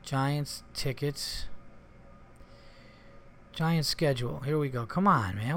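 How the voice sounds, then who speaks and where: Slow and full of long pauses, a comedian's fairly high, a bit bright voice carries his solo podcast, recorded with no room sound. He rambles casually, swears a lot and gets exasperated quickly.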